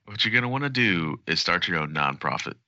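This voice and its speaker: Joking man with a bright dull-sounding voice. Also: low voice, very animated, a little fast, no echo. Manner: jokey, puts on mock voices. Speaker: podcast co-host. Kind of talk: casual chat.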